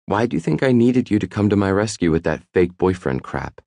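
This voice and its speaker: A man voicing a sharp, observant young woman who questions bluntly in audiobook dialogue. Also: lowish voice, big pitch swings, vocal fry, no room sound, voice pushed up. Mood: probing. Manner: brisk, deductive questioning.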